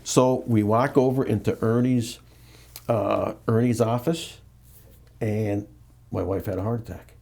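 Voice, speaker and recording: Speaking unhurriedly with vocal fry and frequent pauses, a middle-aged man from the United States with a fairly low voice shares a candid story as an interview guest. He's animated, restarts and repeats a lot, and performs the quotes he recounts.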